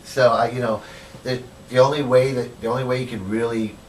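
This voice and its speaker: A male activist with a mid-range voice speaks in a steady tone, a little fast, during a documentary interview. His casual storytelling rambles, is full of "you know," and includes acted-out dialogue. A distant mic records him amid faint ambient noise.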